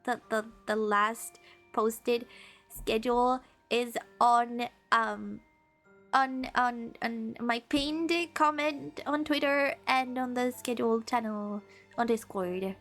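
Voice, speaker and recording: A woman's voice: fairly high pitch, steady tone, slow, fairly bright tone, soft background music. A young woman streaming a game, chatting casually with her viewers and teasing them with mock laughter.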